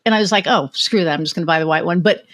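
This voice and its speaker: An American woman hosts a podcast in a loose, conversational way. She tells personal stories candidly and swears freely, with a voice sitting a little low for a woman. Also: very fast. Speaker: podcast host. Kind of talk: casual interview chat.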